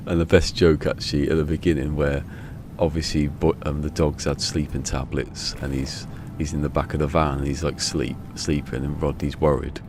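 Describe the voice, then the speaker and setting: A man's voice: normal speed, hardly any pauses. A man streaming a game, chatting casually and rambling through stories with frequent chuckles. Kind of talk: casual chat while gaming. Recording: steady rumble behind the voice.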